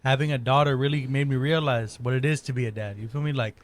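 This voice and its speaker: A man's voice: medium pitch, steady tone, fast. A man in a casual podcast chat, joking around with crude, profane banter.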